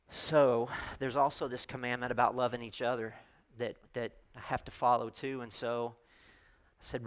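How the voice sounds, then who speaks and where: A man's voice: medium pitch, little pitch movement, moderate pace. A middle-aged man, preaching as a guest speaker and telling a personal story in a candid, conversational way. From United States. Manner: candid, conversational storytelling with self-deprecating asides. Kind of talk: sermon storytelling.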